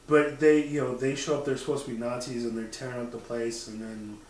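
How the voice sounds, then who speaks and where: A man chatting casually on a podcast, animated and profane, often mimicking voices as he talks. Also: mid-range voice, a little fast, far from the mic, a little hiss or hum. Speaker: podcast co-host. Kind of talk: casual chat. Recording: roomy, off-mic sound.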